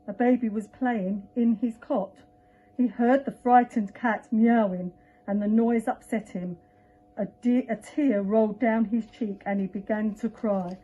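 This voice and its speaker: A woman, a teacher, reading a picture book aloud to children with lively, expressive delivery and sound effects. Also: mid-range voice, unhurried, husky. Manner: expressive, acting out animal and household sounds. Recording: dull lo-fi recording.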